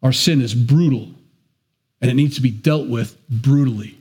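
A man's voice: mid-range voice, normal speed, darkish tone, slightly rough. A man preaching a sermon to his congregation, talking conversationally with joking asides. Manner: conversational preaching with asides and self-deprecating jokes. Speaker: pastor.

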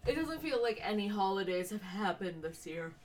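A woman's voice: mid-range voice, expressive, normal speed. A young woman co-hosting a casual, unscripted podcast, chatty and rambling, laughing often and talking through the hiccups. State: has the hiccups. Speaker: podcast co-host.

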